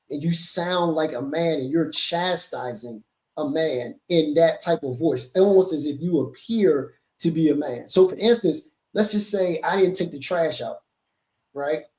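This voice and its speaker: A man's voice: a little high, darkish tone, roomy sound. A man hosting a podcast, chatting casually and reading out viewer comments before answering them. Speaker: podcast host. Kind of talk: casual chat.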